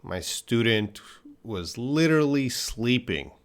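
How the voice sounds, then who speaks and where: Male English teacher, live Q&A, slow and deliberate, mid-pitched, patient, thinks aloud. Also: very animated. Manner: slow, patient explaining with pauses and restarts. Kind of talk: live-stream Q&A lesson.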